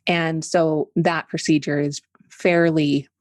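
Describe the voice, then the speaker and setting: A Canadian woman in her forties speaks as an interview guest, candid and patient as she explains things. Her voice sits low with a gravelly edge. The sound is dry and close. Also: level tone, slow pace, few pauses, darkish tone, dry recording. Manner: open, candid, explains step by step. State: tickle in throat from smoke. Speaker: podcast guest. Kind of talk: conversational interview.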